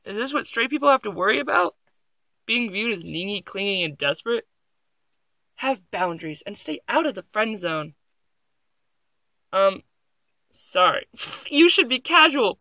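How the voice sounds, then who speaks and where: A very animated young adult vlogger reads an article aloud into a phone at home, reacting casually with sarcasm, giggles, and rambling. The medium-pitched voice is pushed and bright, moving at a moderate pace with long pauses, and there's no room sound.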